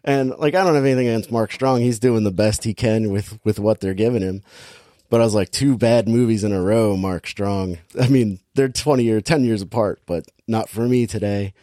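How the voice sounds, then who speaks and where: Male podcast host, low voice, dry close sound, sardonic and rambling in casual review chat. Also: brisk, warm tone, dry recording.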